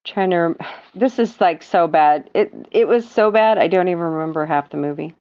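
A woman's voice: lowish voice, normal speed, darkish tone. A woman hosting a casual movie recap podcast, rambling with frequent ums and laughs. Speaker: podcast host. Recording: dull lo-fi audio.

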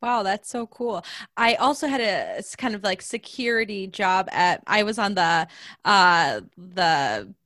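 A woman's voice: medium pitch, expressive, measured pace, a bit bright, no room sound. A young woman hosting a casual interview, friendly and encouraging, with long rambling questions. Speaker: podcast host. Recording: dry close-mic sound.

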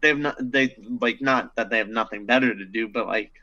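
A man chats loosely, with many "like" fillers. His voice is bright and sharp edged, at a middle pitch. The recording is dull and lo-fi. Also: fairly quick. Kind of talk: casual podcast chat.

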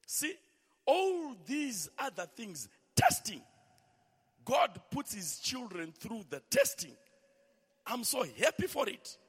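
High-voiced man preaching in a hall. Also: sing-song, slow, husky. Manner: sing-song, swelling to shouts, calls for amens. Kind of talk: impassioned sermon.

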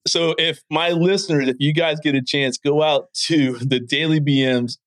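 A man's voice: a little high, steady tone, normal speed, fairly bright tone, no room sound. A man hosting a podcast, talking in casual, profane, rambling chat and laughing often. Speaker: podcast host.

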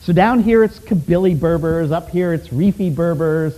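A man's voice: on the high side, normal speed, mellow, rough recording. A man teaching a missions class, telling stories and asking the class rhetorical questions in a classroom. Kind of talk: missions teaching talk with storytelling.

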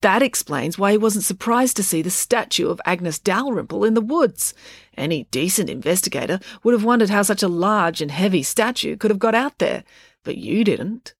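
A woman voicing an eager amateur sleuth in a storybook reading, excited and quick. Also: mid-range voice, no echo, studio quality. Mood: gleeful.

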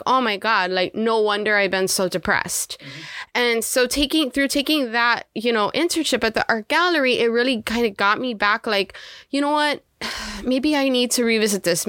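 A woman's voice: mid-range voice, sharp tone, clean tone, no echo, studio quality. A woman telling her story as a podcast guest in a chatty, casual way, with many "like"s and "um"s. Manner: chatty, frequent "like" and "um", laughs often. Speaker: podcast guest, filmmaker, singer and actor. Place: lives in South Florida.

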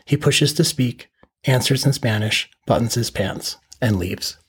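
A middle-aged man hosting a podcast, telling his own story in a calm, matter-of-fact present tense. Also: medium pitch, unhurried. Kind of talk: first-person story narration.

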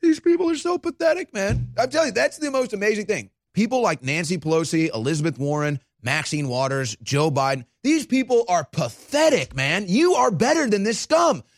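Excitable mocking male host. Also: high-pitched, fairly quick, few pauses, dry recording, studio quality. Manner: excitable, mocking, frequent laughter. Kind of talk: political commentary show.

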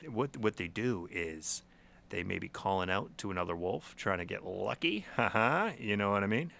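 Man, young adult, podcast co-host, gravelly, lively pitch, jokey, stumbling. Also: normal speed. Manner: joking, laughs often, stumbles and repeats words. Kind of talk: casual chat.

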